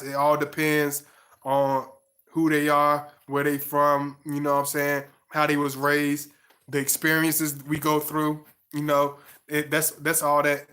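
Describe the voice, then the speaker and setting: Bright-voiced man chatting to viewers. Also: on the high side. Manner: loose, repetitive, affectionate slang, many fillers. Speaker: livestream host. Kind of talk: casual chat to viewers.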